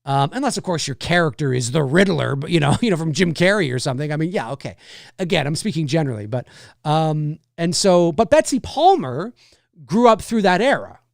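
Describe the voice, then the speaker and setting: A man's voice: a little high, expressive, fairly quick, creaky, dry recording, clean studio sound. A man in his forties hosting a live stream, chatting casually and answering viewers, with lots of fillers and restarts. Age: 40s. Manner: rambling, loose, many fillers and restarts. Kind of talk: casual chat.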